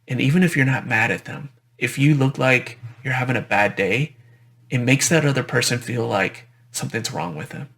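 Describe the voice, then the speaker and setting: Gravelly-voiced man giving a talk. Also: mid-range voice, fairly bright tone. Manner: conversational, repeats phrases, frequent "right?" tags. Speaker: dentist presenter. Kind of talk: conference presentation.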